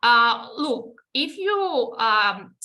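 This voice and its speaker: A woman's voice: fairly high pitch, big pitch swings, extremely slow, bright, forceful tone. A woman with a Russian accent, a native Russian speaker, presenting a live webinar and explaining step by step with frequent restarts and fillers.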